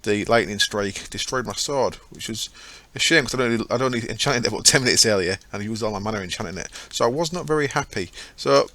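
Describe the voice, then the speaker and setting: A man's voice: on the low side, quick pace, hardly any pauses, sharp tone, no room sound. A man giving casual, rambling commentary over his own gameplay, often correcting himself as he goes. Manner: chatty, rambling, self-correcting. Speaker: gaming channel host.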